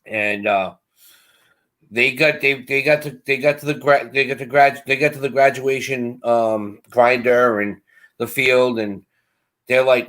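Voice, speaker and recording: A middle-aged man casually telling a long story, animated and acting out the voices of the people in it. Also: mid-range voice, measured pace. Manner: animated, acts out quoted voices. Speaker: co-host.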